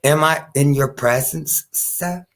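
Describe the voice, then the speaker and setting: A man's voice: fairly high pitch, slow, a bit bright. A man hosting his own stream, ranting off the cuff to his viewers with heated, profane asides aimed straight at a critic. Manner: chatty asides to his audience. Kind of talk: unscripted rant to viewers.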